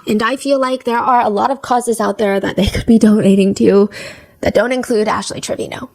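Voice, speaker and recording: A woman's voice: on the high side, fairly even intonation, fairly quick, vocal fry, a little mellow, rough recording. A woman narrating a commentary video in a casual, opinionated, conversational way.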